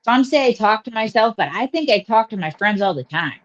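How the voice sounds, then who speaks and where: A woman's voice: a little high, lively intonation, fairly quick. A woman comedian from Western Pennsylvania with its accent, telling rambling stories in a casual interview, full of fillers and asides. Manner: chatty storyteller, rambling with many fillers and asides. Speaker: comedian guest. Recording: slightly dull lo-fi audio.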